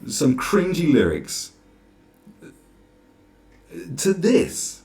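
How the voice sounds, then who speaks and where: A man's voice: a little high, sing-song, extremely slow, pauses often, dark tone. A man ranting sarcastically through a reaction commentary, exasperated and swearing freely. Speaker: commentary vlogger.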